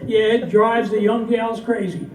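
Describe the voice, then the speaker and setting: A man's voice: sits high, fairly even intonation, measured pace. A man voicing a patient woman who explains things matter-of-factly in a rhyming poem. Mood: explaining. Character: knowing, patient woman bystander. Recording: echoey, distant, noisy live recording.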